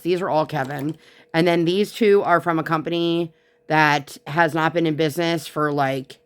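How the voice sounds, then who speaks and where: Chatty woman with a lowish voice. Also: smooth. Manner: chatty, animated storyteller; rambling, with frequent asides and fillers. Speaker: craft vlogger. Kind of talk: casual chat while crafting. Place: home craft desk.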